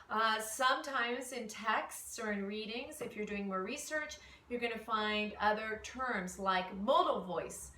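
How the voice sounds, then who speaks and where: A woman voice teacher explaining singing exercises in a relaxed way, with fillers. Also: medium pitch. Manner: relaxed explaining with fillers, demonstrates vocal slides. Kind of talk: instructional lesson. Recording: echoey room, mic at a distance.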